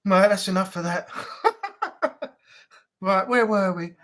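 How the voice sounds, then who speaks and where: A woman's voice: medium pitch, slow pace. A woman from Manchester with a Mancunian accent, hosting a live stream in a chatty, joking way. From Manchester, England. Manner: chatty, joking, swears casually.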